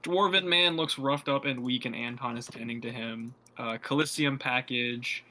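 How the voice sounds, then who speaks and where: A man giving a deadpan recap of a tabletop game in short, clipped phrases. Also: medium pitch, normal speed. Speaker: player.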